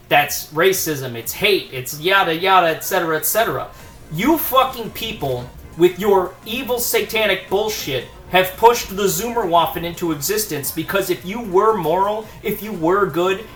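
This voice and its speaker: A man's voice: sits high, pushed and bright. A man delivering a profane, heated rant as a video host, emphatic and contemptuous, recorded in an echoing room with faint music behind. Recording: roomy echo with faint music.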